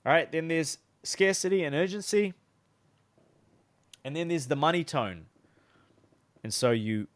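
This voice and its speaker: Man, sales coach, casual teaching, chatty with restarts, slightly high-pitched. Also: measured pace, long pauses, dry recording. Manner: loose and chatty, many fillers and restarts.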